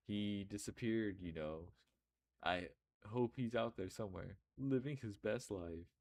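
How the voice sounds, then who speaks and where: A man's voice: on the low side, unhurried, darkish tone, a little hiss or hum. A man playing Excelsius Winter, teary old uncle. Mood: sentimental, avuncular. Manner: grandfatherly and teary. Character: genial elderly man, sentimental, theatrical, fatherly. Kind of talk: fan voice-over of a game. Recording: game music playing behind.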